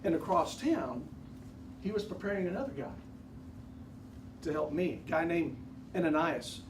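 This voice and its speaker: A man's voice: a little high, expressive, moderate pace, natural voice. A man playing a candid, repentant first-century former persecutor in a conversational first-person monologue for a church class. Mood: earnest. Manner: conversational, addresses the audience directly, folksy asides. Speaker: actor portraying a biblical figure for a church class. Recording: roomy, distant recording with background noise.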